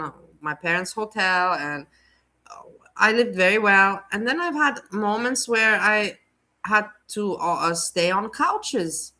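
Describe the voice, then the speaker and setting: Blunt mocking woman commentator, bright voice. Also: mid-range voice. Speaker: commentary host. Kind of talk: reaction commentary on a clip.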